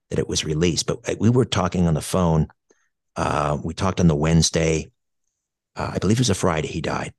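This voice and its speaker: A man's voice: very deep voice, gravelly, breathy edge, no room sound, clean studio sound. A middle-aged Canadian man who co-hosts a radio show tells a personal story in a hesitant, reflective way, with many fillers and restarts.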